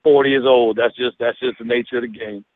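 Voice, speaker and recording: A man's voice: mid-range voice, fairly even intonation, fast talker. A middle-aged man from Florida with a Southern twang, chatting as a guest in a loose, rambling way full of fillers. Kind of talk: casual chat. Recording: dry, phone-like call-in line.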